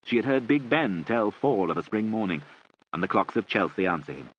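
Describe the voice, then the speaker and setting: An audiobook narrator with a fairly low voice reads a novel aloud in scripted narration, measured and expressive in his storytelling. The recording is muffled, with a faint hiss.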